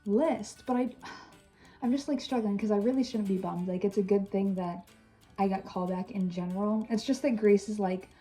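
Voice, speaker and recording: Young woman, casual vlogger; dark mellow voice, loose and chatty. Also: mid-range voice, moderate pace, soft background music, rough recording. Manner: chatty, filler-heavy, candid. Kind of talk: casual vlog chat.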